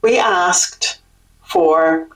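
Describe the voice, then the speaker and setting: A woman's voice: on the low side, extremely slow, echoey room, low-quality recording. A woman, co-hosting a podcast, chatty and earnest as she gives advice. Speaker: podcast co-host. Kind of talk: casual chat.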